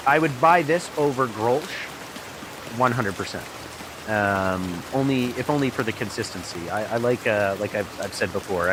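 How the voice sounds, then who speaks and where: A middle-aged beer reviewer with a mid-range voice rambles casually about a beer on his vlog, hesitating and starting over. He's outdoors in heavy rain, recorded on a small camera mic that picks up the downpour and background noise.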